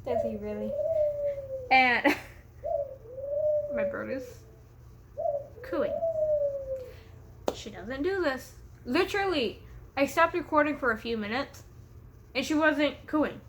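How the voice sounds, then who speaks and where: In this casual vlog, recorded at home with a pet bird in the room, a caffeine-fueled young woman tells a meandering story full of giggles and profanity, easily distracted along the way. She speaks slowly in a high, sing-song voice, leaving long pauses. Heavy background noise runs underneath.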